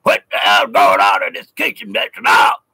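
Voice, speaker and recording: A gruff sergeant bellows in a high, strained shout, as a man puts him on. The voice is short-tempered but jolly, with a thick drawl. It is recorded dry and close. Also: expressive, brisk, dry recording, full character voice. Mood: hollering. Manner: hollering.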